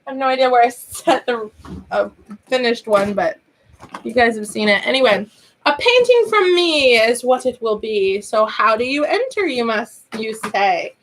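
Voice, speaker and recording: A woman in her thirties hosts a casual live-stream chat, nursing a sore throat. Her voice sits a little high, and she rambles cheerfully from one aside to the next, laughing often. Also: expressive, moderate pace, slight background noise. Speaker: online teacher and channel host.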